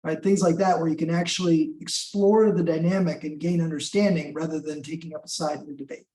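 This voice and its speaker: A man's voice: on the high side, fairly even intonation, a little fast, a little mellow, far from the mic. A man taking part in a meetup discussion, explaining his ideas thoughtfully. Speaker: meetup participant. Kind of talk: casual group discussion. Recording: roomy, off-mic.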